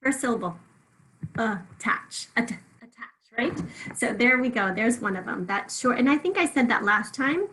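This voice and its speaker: A woman teaching a remote phonics lesson, patiently drawing words out slowly so listeners can hear each sound. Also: a little high, expressive, a bit bright, low-quality recording.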